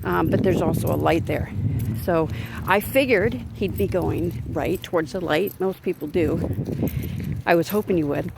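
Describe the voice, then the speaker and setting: A woman's voice: on the low side, moderate pace, creaky. A woman vlogger and crisis worker, ranting indignantly to a handheld phone while walking her dog on a neighborhood street, rambling with many restarts. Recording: outdoor street noise.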